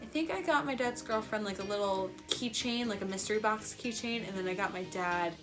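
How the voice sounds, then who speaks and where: A young woman telling a story in a casual vlog, chatty and excitable, saying "like" often. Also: mid-range voice, fairly quick, music in the background. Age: young adult. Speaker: vlogger.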